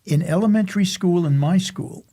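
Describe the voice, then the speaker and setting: A man's voice: sits high, moderate pace, dark tone. An older man from Staten Island, New York, telling a rambling story about his childhood in casual chat, often stopping and restarting. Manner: rambling, self-interrupting storyteller. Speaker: podcast guest telling a life story.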